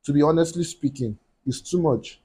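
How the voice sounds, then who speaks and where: A man's voice: a little high, moderate pace, warm tone, husky. A young man from Nigeria hosting a reaction video, emotional and apologetic, repeating his words as he talks.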